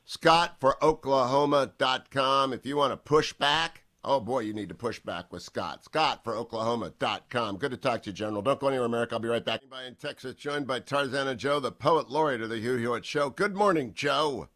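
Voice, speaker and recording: A man hosting a radio talk show, briskly introducing guests and segments. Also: mid-range voice, fairly bright tone, no echo. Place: remote broadcast from abroad.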